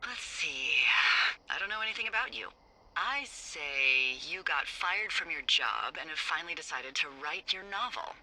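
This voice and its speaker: An actress playing a wry, teasing lookout supervisor who swears freely, heard over a walkie-talkie radio in a video game. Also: female voice, low-pitched, lively intonation, moderate pace, pushed and bright, a little hiss or hum, full character voice, poor audio. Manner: playful, sarcastic, swears freely.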